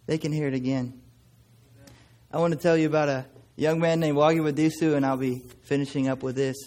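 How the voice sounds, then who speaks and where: A man's voice: on the high side, a little mellow. Folksy storytelling man preaching. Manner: folksy, anecdotal, conversational. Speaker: missionary preacher. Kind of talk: sermon storytelling.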